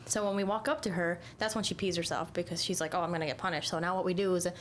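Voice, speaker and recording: A woman's voice: on the low side, fairly even intonation, fast, a little hiss or hum. A woman in casual conversation, talking loosely with lots of fillers and casual swearing. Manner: rambling, heavy use of "like", swears casually. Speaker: dog owner in casual conversation. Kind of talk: casual chat.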